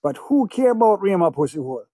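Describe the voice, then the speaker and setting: A man's voice: high voice, sing-song, fast talker, warm tone, dry recording. Male audiobook narrator, obsessive and feverish, dry close recording. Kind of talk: first-person audiobook narration.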